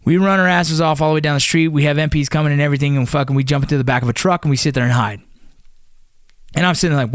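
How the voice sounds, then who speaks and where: A man's voice: a little high, racing, no room sound, clean studio sound. A man in his thirties, an army veteran, telling a personal story in a casual, profane way with many fillers and restarts.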